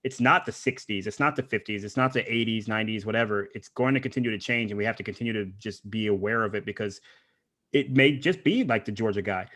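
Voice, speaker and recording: A man's voice: fairly low pitch, a bit bright. A man speaking as a podcast guest in a casual interview, emphatic and running his points together in long strings. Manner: fast, emphatic, talks in run-on strings of points.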